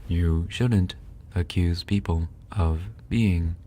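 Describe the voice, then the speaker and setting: A man hosting an ASMR livestream, reading and answering chat in a sleepy, low murmur. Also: slow pace, warm tone, a little hiss or hum. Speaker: ASMR streamer.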